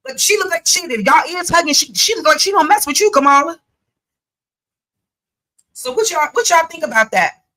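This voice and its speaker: A woman hosts a reaction commentary, talking straight to her viewers in an animated, sassy way. Her voice is bright and forceful and sits a little high. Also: moderate pace, pauses often, low-quality recording. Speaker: commentary channel host.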